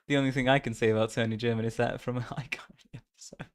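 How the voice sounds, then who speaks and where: A fast-talking man with a medium-pitched, level voice streams a story game. As he reads it, he keeps up casual, playful, self-deprecating chatter and frequent laughter.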